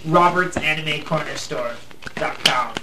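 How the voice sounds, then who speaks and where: A man's voice: fairly high pitch, a little slow. A man in casual podcast chat, offhand and laid-back. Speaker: podcast co-host. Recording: distant, roomy, very noisy mic.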